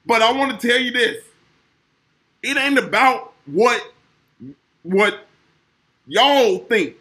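A man's voice: very high voice, animated, slow pace, long pauses, sharp tone. A man from co-hosting a podcast, tearful and rambling as he thanks people, casual and profane. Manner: emotional, rambling thank-yous, swearing. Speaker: podcast co-host. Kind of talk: casual chat.

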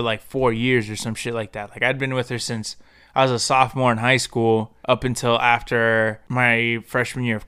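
A man's voice: medium pitch, fairly bright tone, clear, resonant tone. A young adult man hosting a podcast, telling a personal story in a profane, slangy, rambling way, with many restarts. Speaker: podcast host. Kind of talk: casual personal storytelling monologue.

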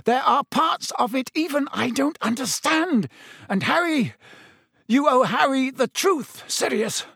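A man's voice: fairly high pitch, expressive, unhurried, fairly bright tone, no echo. Lupin, a man doing a raised, pleading voice. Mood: urgent. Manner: urgent, pleading. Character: desperate middle-aged male wizard.

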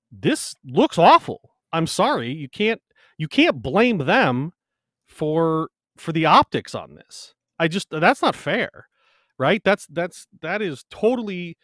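A man's voice: fairly high pitch, fairly bright tone, no echo, studio quality. A man co-hosting a podcast in casual chat, emphatic and swearing freely. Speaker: podcast co-host.

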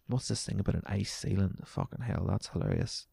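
A man's voice: lowish voice, wildly swooping pitch, a little slow, vocal fry, pauses often, a little mellow, slightly rough, dry recording. A man hosting a casual solo podcast, sweary and sarcastic, his voice wearing out. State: voice going. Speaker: podcast host.

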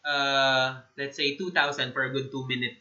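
A man's voice: mid-range voice, little pitch movement, normal speed, pushed and bright. A man with a Filipino accent chatting casually as a guest, thoughtful and mixing English with Tagalog. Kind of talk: casual chat. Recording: slightly muffled lo-fi audio.

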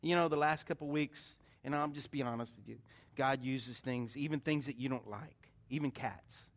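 A man's voice: medium pitch, normal speed. A middle-aged man preaching a sermon as pastor, telling stories with animation and putting questions to his congregation.

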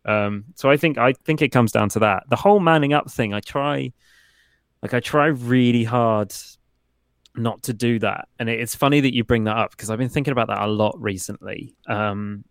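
A man's voice: mid-range voice, moderate pace, clear, resonant tone, no room sound, clean studio sound. A man co-hosting a podcast, chatting in an easygoing, reflective way. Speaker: podcast co-host. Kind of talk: casual chat.

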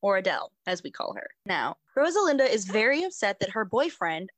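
A young university student telling a story in a chatty way, full of "like". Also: female voice, medium pitch, very animated, brisk, no echo, muffled recording. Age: young adult. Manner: chatty storytelling, acts out lines with fillers like "like". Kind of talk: casual chat.

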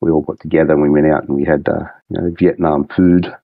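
Australian man, very low voice, halting casual storyteller, muffled dry sound. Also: little pitch movement, gravelly, no room sound. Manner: rambling, halting, full of restarts and fillers. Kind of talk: casual chat.

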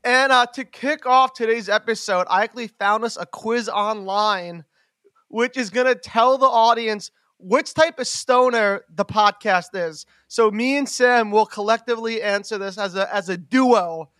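A man's voice: sits high, moderate pace, pushed and bright, clean tone, dry recording, studio quality. A young man co-hosting a podcast, rambling and giggly with lots of fillers. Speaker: podcast co-host. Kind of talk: casual chat.

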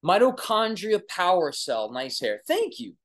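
Answering viewer questions on a casual livestream from his apartment, captured by phone or webcam, is a young oral surgery resident with a Long Island New York accent. His voice sits high and runs a little slow; he's excitable and chatty, often restarting and trailing off.

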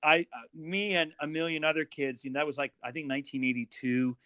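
A middle-aged man from Ohio, hosting a casual chat and recalling his past in a relaxed, rambling way. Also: a little high, fast, no echo. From Ohio, USA. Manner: relaxed, rambling, with many fillers.

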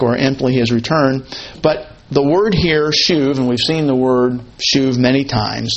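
A man teaching a Bible passage in a conversational way, slowing down to quote and stress words of the text. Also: medium pitch, highs cut off. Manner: conversational, explains Hebrew word order, quotes text slowly with emphasis.

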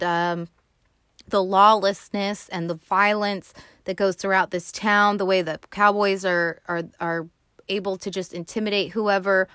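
Brief: female host, casual film recap, lively and profane, dead-dry recording. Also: mid-range voice, smooth, no echo. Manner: animated, profane and slangy. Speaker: movie podcast host.

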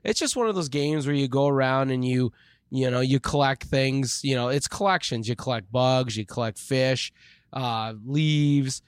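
A man's voice: mid-range voice, moderate pace, clean tone, no room sound. Man rambling casually on a podcast. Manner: relaxed, rambling, with many fillers. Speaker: podcast co-host. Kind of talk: casual chat.

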